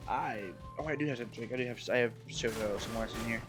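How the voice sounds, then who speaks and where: A man's voice: mid-range voice, fast, hardly any pauses, music in the background. A man from Maryland chatting casually with his viewers while streaming a game, rambling and self-deprecating. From Maryland, USA. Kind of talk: casual live-stream chat while playing.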